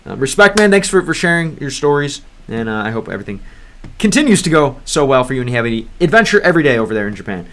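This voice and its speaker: An American man hosting a casual gaming livestream, with a voice of ordinary middle pitch. He rambles and hesitates between thoughts, stopping to sound out unfamiliar foreign words. His talk is loose and unscripted. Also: very animated, quick pace, fairly bright tone. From United States. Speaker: streamer. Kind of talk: livestream gameplay chat.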